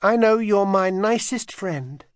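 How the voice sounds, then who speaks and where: A proud, stubborn little girl with a bright, high storybook voice, as a man puts her on. Her pitch jumps well above a speaking man's and swings widely. The sound is close and dry, with a slightly husky edge. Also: lively intonation, slow pace, no echo. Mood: soft, tearful. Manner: high childish pleading voice.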